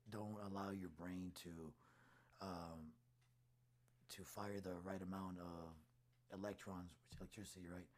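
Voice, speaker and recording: Low husky guy telling a story, acts out all the quotes. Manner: animated storyteller acting out quotes. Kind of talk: casual storytelling chat.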